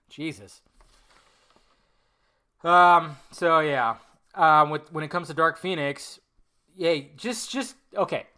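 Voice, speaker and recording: A man's voice: fairly high pitch, lively intonation, a little slow, long pauses, pushed and bright. A man hosting a solo podcast, ranting heatedly and swearing a lot. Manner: heated, swearing, emphatic rants. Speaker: podcast host.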